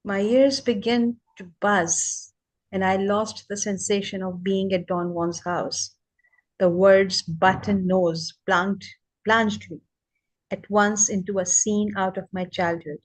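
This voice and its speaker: A woman reading a book aloud on a live session, briskly and with small stumbles. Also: mid-range voice, steady tone, rough recording.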